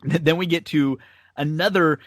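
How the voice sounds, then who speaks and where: A man's voice: on the high side, steady tone, normal speed, dry recording, clean studio sound. A man hosting a podcast, chatting casually about old wrestling matches, rambling with lots of fillers and restarts. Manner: rambling, many fillers and restarts, laughs often. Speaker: podcast host. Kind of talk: casual wrestling rewatch chat.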